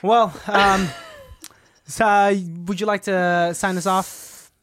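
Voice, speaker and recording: A man's voice: high-pitched, flat delivery, slow, fairly bright tone, no echo. A man co-hosting a podcast in casual chat, laid-back, slangy and profane. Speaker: podcast co-host.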